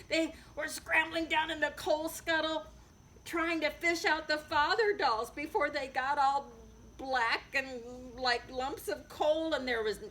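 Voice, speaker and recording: A woman reads a children's storybook aloud in a high, bright-pitched voice and a playful storytelling manner. She takes her time, letting each line land slowly and gently. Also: slight background noise. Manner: lively, playful storytelling with sound effects. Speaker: author reading aloud. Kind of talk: children's book read-aloud.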